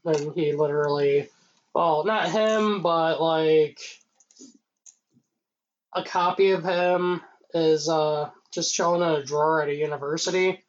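A man's voice: a little high, steady tone, measured pace, lo-fi sound. A man co-hosting a casual podcast, making dry, laid-back remarks and swearing now and then. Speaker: podcast co-host.

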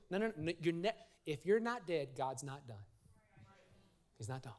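Middle-aged pastor, high-pitched man, preaching a lively, story-driven sermon with call-and-response. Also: normal speed. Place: church sanctuary.

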